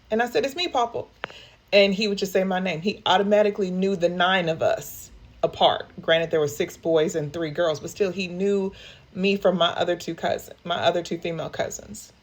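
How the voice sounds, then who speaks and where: A woman's voice: fairly low pitch, breathy edge. A woman who works as a grief counselor, speaking candidly and emotionally to her viewers and often calling them y'all. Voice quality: emotional, open, addresses listeners as y'all. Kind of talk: candid personal talk to viewers.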